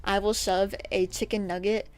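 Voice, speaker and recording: A woman quoting a chatty, friendly male customer, voicing him a little lower than her own voice. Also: flat delivery, moderate pace, clear, resonant tone, natural voice.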